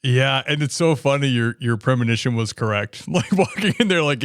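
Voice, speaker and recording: A man's voice: medium pitch, fairly quick, dry recording, clean studio sound. A man hosting a casual interview, reacting to a guest's story with short remarks and follow-up questions. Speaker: podcast host.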